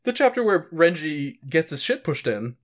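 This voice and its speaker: A man's voice: a little high, very animated, moderate pace. Rambling, laid-back male podcast host. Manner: rambling, filler-heavy, swears and chuckles often. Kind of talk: casual chat.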